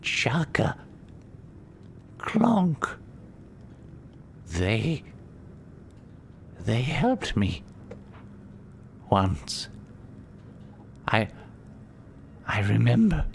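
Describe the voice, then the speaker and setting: Casting: a man as a faint, exhausted creature whimpering out halting words, pitched well above his own low voice. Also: huge pitch swings, gravelly, slight background noise, exaggerated voice. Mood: weak, pleading.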